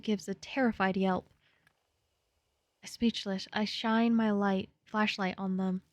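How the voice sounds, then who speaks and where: A woman's voice: mid-range voice, little pitch movement, slow pace, long pauses, no room sound. A young woman streaming a game live, reading its text aloud and chatting playfully, jittery when spooked.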